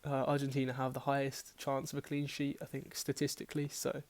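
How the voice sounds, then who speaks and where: A man speaking fast-ish in a medium-pitched monotone talks through his fantasy football team picks. Chatty and rambling, he corrects himself as he goes and swears casually in this relaxed team-selection talk.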